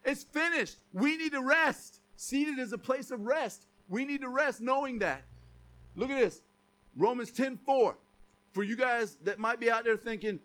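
A man's voice: very high voice, normal speed, a bit bright. A man preaching a sermon to a congregation, emphatic, often asking rhetorical questions. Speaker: pastor.

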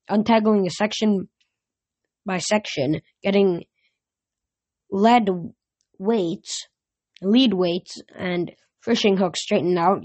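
A woman reads a first-person adventure novel aloud at a moderate pitch. Her delivery is unpolished, with frequent restarts and corrected words. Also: darkish tone, highs cut off.

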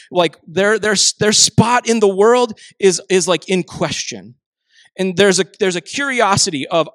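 A man preaching in a relaxed, storytelling manner, slipping into quoted voices as he goes. His voice sits a little high for a man. The sound is close and dry, with no room around it. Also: no room sound. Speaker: pastor. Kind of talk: sermon.

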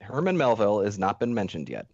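A man's voice: fairly low pitch, wildly swooping pitch, fast, darkish tone, no room sound. A man on a podcast, reflecting on a show with dry humor and some restarts. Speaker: podcast co-host. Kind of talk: casual chat analyzing a reality show. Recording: dull lo-fi audio.

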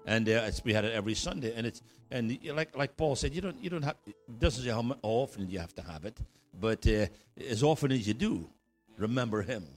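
A man's voice: medium pitch, lively intonation, fairly quick, faint music behind. A man preaching as a guest in a church, jokey and rousing, calling for amens. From Scotland. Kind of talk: sermon.

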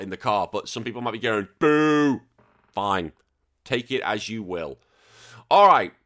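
A man's voice: lowish voice, fairly bright tone. Ranting man hosting a podcast. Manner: opinionated, ranting, many restarts. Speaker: podcast host. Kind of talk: casual solo commentary.

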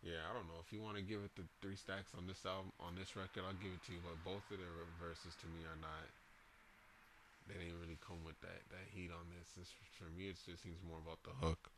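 Host type, very low voice, relaxed slangy chatter about records. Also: male voice, a little fast, noisy background. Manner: laid-back, slangy, hesitant fillers. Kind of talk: casual music chat.

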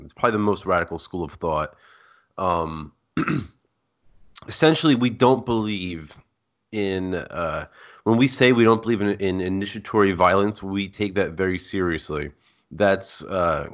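A man who is a guest on a podcast, explaining his views in a measured way. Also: low-pitched, fairly bright tone. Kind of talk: explaining ideas in an interview.

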